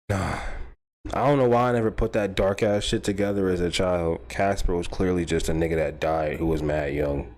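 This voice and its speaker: A man's voice: low voice, normal speed, a little mellow. A man hosting a stream, rambling through a casual comedic rant, swearing freely and laughing at his own jokes. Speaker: stream host.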